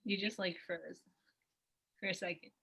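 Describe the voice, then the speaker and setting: A woman's voice: fairly low pitch, fairly even intonation, normal speed, creaky. A woman chiming in with teasing remarks on a video call.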